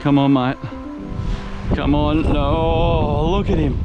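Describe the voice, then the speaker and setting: A young man fishing and filming outdoors on a mangrove beach, talking casually and exclaiming loudly when excited. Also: fairly high pitch, takes it slowly. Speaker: fishing adventure vlogger. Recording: background music over outdoor audio.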